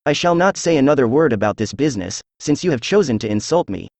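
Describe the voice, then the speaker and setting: A synthesized male voice reading the lines of a proud, defiant young son in an audiobook, in an even, unacted way. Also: medium pitch, quick pace, vocal fry, dry recording.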